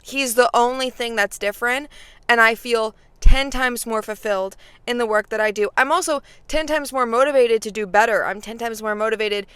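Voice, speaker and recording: A woman's voice: on the high side, moderate pace, a bit bright, clean tone, no echo. A woman in her twenties, talking casually and directly to her viewers as a faith vlogger, full of fillers. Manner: chatty, frequent fillers, talks straight to viewers. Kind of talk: casual chat.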